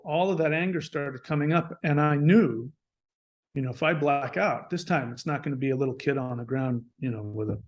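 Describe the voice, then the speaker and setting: A man who is a podcast guest, telling a personal story in a casual way. He is animated, restarts often and acts out bits of dialogue. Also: fairly high pitch, highs cut off.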